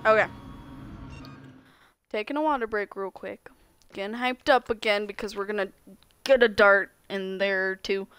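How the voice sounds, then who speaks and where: A woman's voice: medium pitch, steady tone, moderate pace, long pauses, fairly bright tone, smooth, no echo. A woman with a slight Southern US accent, chatting through a live-streamed game and talking back to it. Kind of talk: live-streamed gameplay commentary.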